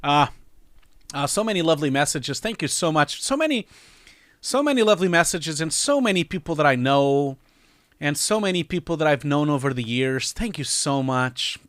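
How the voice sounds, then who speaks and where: A man's voice: a little high, expressive, normal speed, a bit bright, dry recording, studio quality. A man in his forties hosting his own livestream, chatty and emotional, laughing often as he reads messages. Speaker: channel host. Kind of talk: casual livestream chat.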